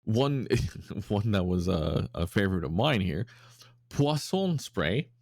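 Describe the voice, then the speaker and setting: This podcast co-host has a deep, creaky, darkish voice, animated but a little slow, as he reads out listener submissions in casual chat. He rambles with lots of fillers and restarts and slips into silly voices, recorded at studio quality with no echo.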